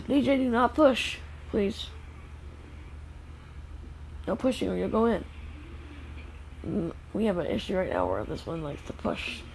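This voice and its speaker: A woman filming her children playing outside in the snow, narrating casually and calling out gentle, firm warnings to the kids. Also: medium pitch, sing-song, measured pace, gravelly, long pauses, a little hiss or hum, poor audio. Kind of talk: casual family vlog. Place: outdoors in the snow.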